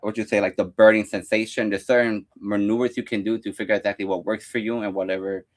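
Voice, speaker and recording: A man's voice: lowish voice, fairly even intonation, quick pace. A young man casually talking through a home workout, rambling with lots of fillers and counting his reps aloud. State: out of breath at times. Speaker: fitness vlogger.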